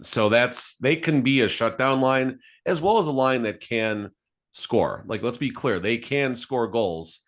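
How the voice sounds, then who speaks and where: A man co-hosting a sports podcast, joking and animated, often repeating words as he talks. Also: medium pitch, unhurried. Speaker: podcast co-host. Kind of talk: casual sports chat.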